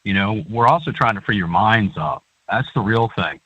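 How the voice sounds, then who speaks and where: A man's voice: on the low side, lively intonation, moderate pace, fairly bright tone, breathy edge, no room sound. A man speaking as a guest on a talk show, earnest and rambling, with plenty of fillers. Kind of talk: call-in talk show chat. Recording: dry, dull lo-fi line.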